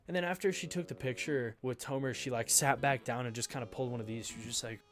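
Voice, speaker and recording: A man's voice: medium pitch, quick pace, few pauses, faint music behind. A young man vlogging, telling a story casually with lots of fillers. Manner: rambling, filler-heavy retelling.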